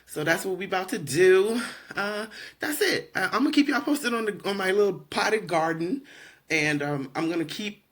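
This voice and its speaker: A woman's voice: mid-range voice, lively intonation, moderate pace, a bit bright. A woman vlogging casually as she walks through her townhouse, talking straight to her viewers. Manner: talkative, addresses viewers directly. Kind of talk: casual chatty home vlog. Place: indoors at home in a townhouse.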